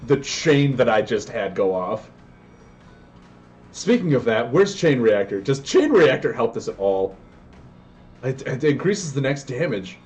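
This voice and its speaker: A man commentating his own card game live, excitable and prone to yelling and tangents. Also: mid-range voice, muffled recording. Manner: excitable, yells in bursts, goes on tangents.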